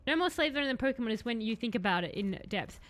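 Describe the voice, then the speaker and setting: A woman's voice: on the high side, lively intonation, fast, a bit bright, no room sound. A young woman streaming a game, chatting sarcastically and wandering off on tangents. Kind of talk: casual gameplay commentary.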